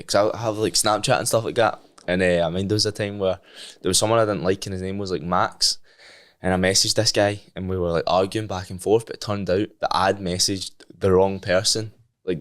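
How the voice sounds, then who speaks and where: A young Scottish man with a low-pitched voice tells a story as a podcast guest. He swears freely, laughs, and acts out each line of dialogue in casual chat. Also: fairly even intonation, brisk, fairly bright tone.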